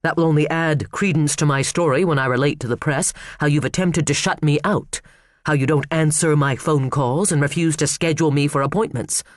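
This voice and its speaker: A man voicing a cool, controlled male defense lawyer with a smooth, menacing manner, in an audiobook. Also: a little high, fairly even intonation, brisk, no echo, studio quality, natural voice. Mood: coolly menacing.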